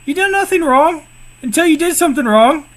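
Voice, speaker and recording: A man's voice: very high voice, lively intonation, fairly quick, a bit bright. A man giving casual, exasperated commentary on police footage, swearing and repeating his points. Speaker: co-host reacting to police footage.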